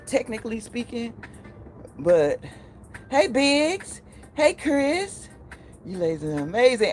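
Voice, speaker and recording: A woman's voice: medium pitch, a little mellow. A woman in her forties hosting a casual live stream, chatting, laughing often and greeting viewers by name. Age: 40s.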